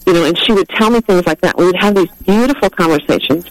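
A middle-aged woman calling in to a radio show, telling a heartfelt story in a halting way with many ums. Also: fairly low pitch, dry recording, rough recording. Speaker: caller. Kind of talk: call-in radio testimony.

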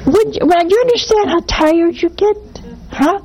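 A woman hosting a call-in show as a nun, teaching with animated little acted-out dialogues and blunt warnings. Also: very high-pitched, normal speed, a crowd in the background, low-quality recording. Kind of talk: spiritual teaching and call-in talk.

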